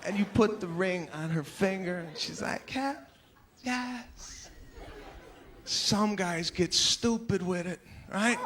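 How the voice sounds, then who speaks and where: A stand-up comedian man works the stage with a strikingly high, animated voice, slipping into the voices of the people in his stories. Clear audience noise sits behind him throughout the live set. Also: measured pace, few pauses. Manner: animated, acts out characters' voices.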